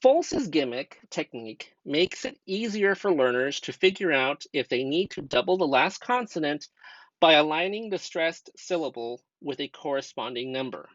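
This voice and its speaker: This young student teacher from the United States walks through a grammar lesson patiently, posing rhetorical questions to keep the class following. His slightly bright voice has lively, bouncing intonation and a moderate pace. The dry, somewhat dull voice-over sounds like a cheap home recording, with no echo.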